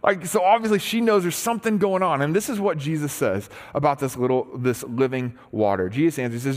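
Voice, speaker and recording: A man's voice: medium pitch, brisk. A man preaching a sermon as pastor, retelling a story in casual, conversational terms with frequent restarts. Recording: long hall reverb.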